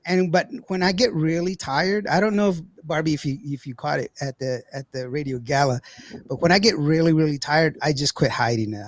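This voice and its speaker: Host type: Texas man, country accent, bit high voice, jokey and rambly. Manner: joking, rambling, laughs often. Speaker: talk show host. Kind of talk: casual chat.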